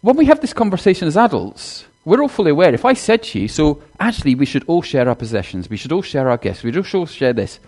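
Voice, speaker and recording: A minister preaching to his congregation in a church, chatty and direct. His pitch swings widely as he talks, rising and falling with each point. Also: big pitch swings, fast talker, hardly any pauses, a little mellow. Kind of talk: sermon with children's talk.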